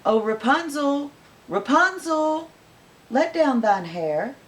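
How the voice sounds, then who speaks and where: A woman's voice: extremely low pitch, slow pace, pitched below the performer's own voice, rough recording. A woman reading a storybook aloud, voicing a stern, threatening old witch with sing-song calls. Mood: calling.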